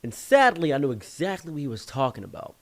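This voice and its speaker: A man from Africa with a Midwestern US accent, telling a story in a casual, animated and chatty way. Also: a little high, quick pace. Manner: animated, chatty, many fillers.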